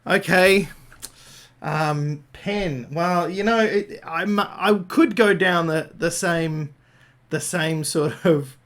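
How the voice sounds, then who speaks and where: A man's voice: on the high side, takes it slowly, fairly bright tone. An Australian man giving an improvised Christian talk, thinking aloud with frequent fillers and restarts. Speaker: Christian speaker.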